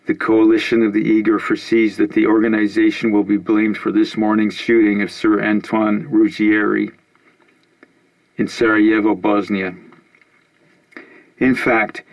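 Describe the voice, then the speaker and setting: A man reading out a female news anchor's broadcast of a militant group's statement, in a loud, formal, declaiming manner. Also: lowish voice, close to an everyday voice, rough recording.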